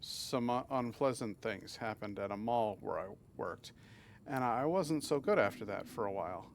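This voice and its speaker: The man's voice is on the low side and expressive, at normal speed, with a little hiss or hum. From Massachusetts, USA, he chats casually with live-stream viewers while gaming, answering chat and frequently stammering and restarting.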